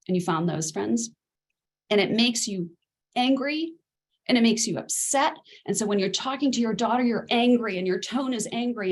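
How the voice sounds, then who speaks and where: Een vrouw die als ouderschapscoach een les geeft, in een gemoedelijke spreekstijl, en die zinnen van ouders en kinderen naspeelt. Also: female voice, medium pitch. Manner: conversational, acts out parent and child quotes. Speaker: parenting coach. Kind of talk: spoken masterclass lesson.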